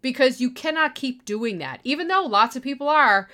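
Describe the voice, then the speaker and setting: A middle-aged woman with a slightly high voice, talking straight to her listeners in an exasperated, foul-mouthed rant. She is blunt and impatient, and she swears freely. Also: lively intonation, moderate pace, pushed and bright. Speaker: podcast host and online course business owner. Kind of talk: profane ranting monologue.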